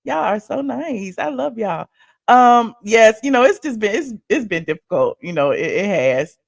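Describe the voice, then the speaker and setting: A woman hosting a casual live stream, chatty and animated, her voice swinging between loud bursts and soft asides. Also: on the high side, normal speed, gravelly, dry recording, studio quality.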